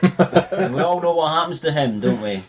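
A man's voice: a little high, lively intonation, normal speed. A man co-hosting a casual film podcast, with wry opinions and puns. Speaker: podcast co-host.

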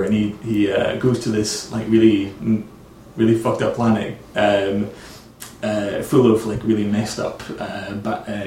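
A man's voice: fairly low pitch, a little mellow, a little hiss or hum. A man co-hosting a casual film chat, rambling with many fillers and giggles. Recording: distant mic in an echoey room.

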